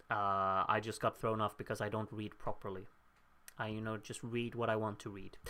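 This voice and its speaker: A man's voice: medium pitch, fairly bright tone. A young man hosting a live watchalong stream, chatting casually, reading out viewer votes and laughing at his own slip-ups. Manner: chatty and upbeat, laughs at himself, thinks aloud.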